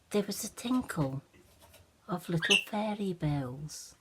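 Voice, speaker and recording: An older woman reading a children's story aloud with an expressive, animated manner. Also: lowish voice, slow pace, very noisy.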